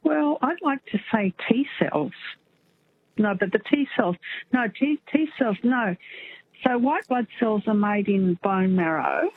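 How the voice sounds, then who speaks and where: A woman's voice: a little high, lively intonation, unhurried. A woman calls in to a radio quiz over a tinny phone line with a faint hiss behind her. She rambles in a chatty way and thinks aloud as she goes. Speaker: caller. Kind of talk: phone-in chat.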